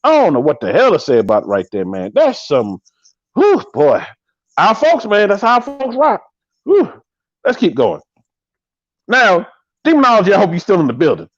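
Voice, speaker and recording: A man in his thirties hosting a live podcast, riffing with animated, joking commentary and drawn-out exclamations. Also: high-pitched, no room sound, lo-fi sound. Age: 30s. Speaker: podcast host.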